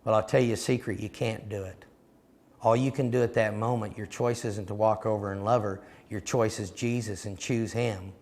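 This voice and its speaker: A man delivers a storytelling sermon in a low, gravelly voice. He is emphatic and direct, like a seminar teacher speaking plainly to his listeners. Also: steady tone, moderate pace, a little mellow. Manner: recounts dialogue, emphatic and direct.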